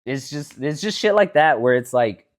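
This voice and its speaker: A man co-hosting a casual podcast, telling stories with a lot of swearing and swinging between loud outbursts and low mutters. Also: animated, moderate pace. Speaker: podcast co-host. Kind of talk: casual chat.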